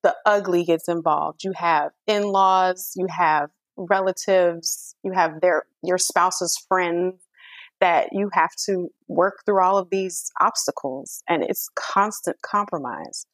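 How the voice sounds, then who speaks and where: A woman talks candidly as a podcast guest, her voice sitting a little low. She is frank and earnest, dropping slangy asides as she makes her points. The sound is dry and close, with no room around it. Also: slow pace, no echo. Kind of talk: candid casual conversation.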